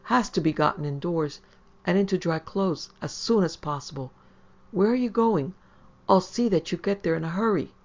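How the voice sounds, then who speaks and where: A woman reading the lines of a proud, brisk city wife who has moved to the country, in a prim, commanding manner. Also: sits low, close to an everyday voice. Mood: urgent, scolding. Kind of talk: audiobook character voice. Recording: slightly dull lo-fi audio.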